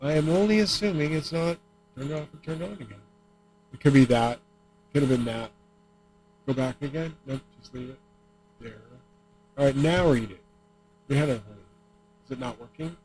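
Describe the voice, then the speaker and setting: A man's voice: medium pitch, lively intonation, normal speed, pauses often, darkish tone, slight background noise, rough recording. A man streaming alone, rambling and swearing as he talks. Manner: profane, rambling rant. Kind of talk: rambling livestream talk.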